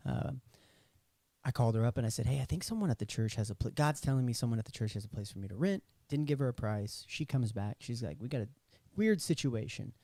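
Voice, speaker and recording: A young man tells his story as a guest on a podcast, with a mellow, warm voice and a mid-range pitch. He acts out the lines of the people in his story. The recording is dry and close. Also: quick pace, no room sound. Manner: animated storyteller acting out quoted dialogue. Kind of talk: casual storytelling interview.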